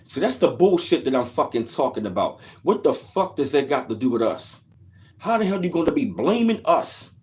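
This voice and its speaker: A man hosting a reaction channel, ranting in a heated, profane way and repeating himself with "yo". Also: mid-range voice. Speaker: commentary channel host.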